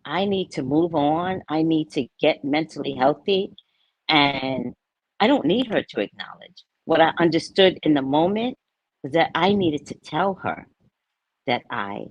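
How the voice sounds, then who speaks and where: A woman in her fifties with a low, husky voice talks bluntly and candidly, acting out the people in her stories. Her pitch rises and falls a lot as she goes, and the recording is dry and close. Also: unhurried, no echo, highs cut off. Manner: blunt, animated storytelling with frank swearing. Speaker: spiritual talk host. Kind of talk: candid spiritual monologue.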